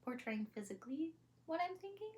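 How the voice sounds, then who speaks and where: A young woman talking to camera in a reflective, casual vlog, soft and hesitant with many pauses and small laughs. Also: sits high, very animated. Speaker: vlogger.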